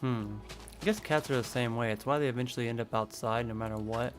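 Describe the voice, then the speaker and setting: A man's voice: medium pitch, fast talker, faint music behind. A man live-streaming a building game, thinking aloud in a rambling, casual way.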